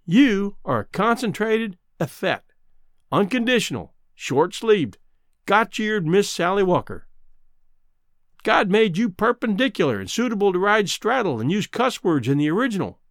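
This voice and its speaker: A gruff, scornful cowhand from the old West, blustering in a folksy drawl, played by a man. The voice sits high and swings widely, with a dry, close sound. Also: big pitch swings, normal speed, a bit bright, no room sound, heavily acted.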